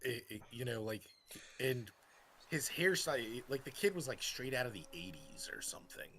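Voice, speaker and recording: A man's voice: mid-range voice, expressive, normal speed, a bit bright, slight background noise. A man on a live stream telling rambling personal anecdotes in casual chat, with frequent restarts. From United States. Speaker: streamer co-host.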